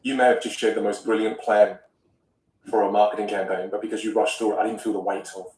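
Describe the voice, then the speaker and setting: Animated man coaching speech, roomy distant sound. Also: on the low side, quick pace. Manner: animated, acts out example voices. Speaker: vocal coach. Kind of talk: podcast conversation.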